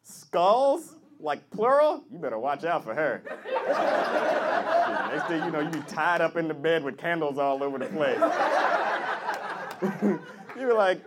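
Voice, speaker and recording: A man's voice: a little high, sing-song, slow pace, long pauses. A man doing crowd work at a comedy club, teasing audience members with playful mock voices. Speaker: stand-up comedian. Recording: live club recording with audience noise.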